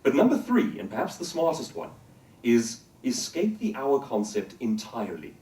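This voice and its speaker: A male professional speaker delivers a motivational talk with a lively, swooping delivery and an emphatic manner. His voice is mellow and dark-toned. The sound carries the echo of a roomy hall, picked up from some distance away from the mic. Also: medium pitch, normal speed. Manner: expressive, emphatic, asks the audience questions. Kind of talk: motivational talk to a live audience.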